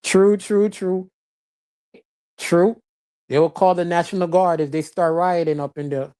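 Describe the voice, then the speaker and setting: Blunt, chatty streamer with a mellow voice. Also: medium pitch, steady tone, a little slow, smooth. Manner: loose, chatty, laughs often, blunt and profane. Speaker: live-stream host. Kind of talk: casual live-stream commentary, reading chat. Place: lives in Florida.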